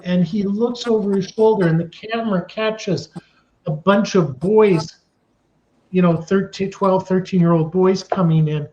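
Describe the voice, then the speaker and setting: A casting director in his sixties, telling animated stories in an interview and acting out the scenes he describes. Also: sits high. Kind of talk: storytelling in an interview. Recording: dull lo-fi sound.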